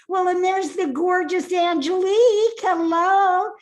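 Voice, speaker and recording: This woman's voice sits up high as she coaches a live online class over a video call. She is upbeat, laughs easily, and keeps calling on attendees by name. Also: fairly even intonation, a little slow, poor audio. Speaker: speaking coach.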